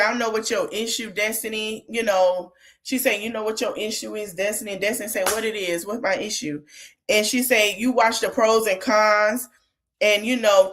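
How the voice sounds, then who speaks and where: A woman's voice: mid-range voice, fairly bright tone. Chatty woman recapping a reality show. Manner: retells a scene in quotes, chatty and candid. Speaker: podcast host recapping reality TV. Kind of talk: casual recap monologue.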